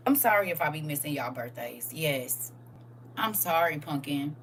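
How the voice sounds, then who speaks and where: A woman hosting a live-streamed Bible study, preaching in a lively, playful way and answering viewers' comments. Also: low voice, measured pace, slight background noise.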